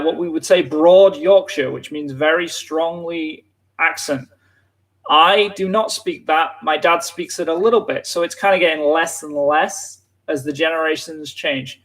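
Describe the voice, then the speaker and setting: A man from England, chatting casually on a live lesson and filling his talk with "like". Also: fairly high pitch. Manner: casual, lots of filler "like". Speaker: English teacher.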